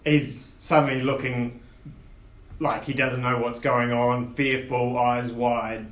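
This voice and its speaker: Slow-talking male dungeon master. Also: medium pitch, level tone. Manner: unhurried and descriptive, with frequent fillers. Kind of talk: tabletop game narration. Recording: roomy echo with faint noise.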